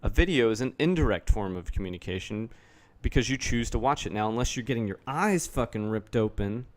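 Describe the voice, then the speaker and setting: A man's voice: lowish voice, lively intonation, brisk. A man giving a rambling, casual commentary rant, sardonic and full of swearing. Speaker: YouTube commentator.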